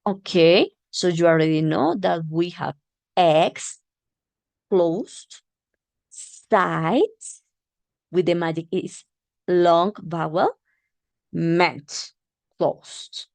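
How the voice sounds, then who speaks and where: A woman teacher giving a demo phonics lesson, patiently repeating words slowly and clearly and encouraging her learners. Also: on the low side, darkish tone, no room sound.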